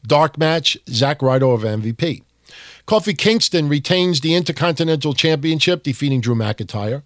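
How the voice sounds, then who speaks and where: A man hosting a casual wrestling history podcast, reading with mock enthusiasm and dropping into deadpan asides. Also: fairly high pitch, normal speed, no echo, clean studio sound. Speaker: podcast host.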